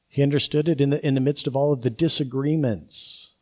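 A man delivers a sermon with a husky, mellow voice. He leans on key words and repeats them for emphasis, building each point step by step. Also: mid-range voice, fairly even intonation, a little fast. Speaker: preacher.

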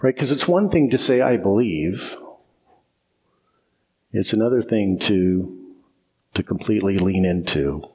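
A man's voice: lowish voice, lively intonation, measured pace, long pauses, a little mellow. A man preaching a sermon as pastor, emphatic and repetitive, often asking "right?" and restarting phrases.

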